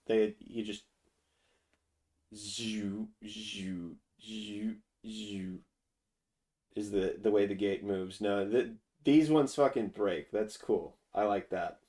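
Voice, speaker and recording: A man's voice: on the low side, measured pace, hardly any pauses, dark tone. A man streaming a casual, profane rant while reacting to a game trailer, restarting his sentences often. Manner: drawling and profane, with frequent restarts.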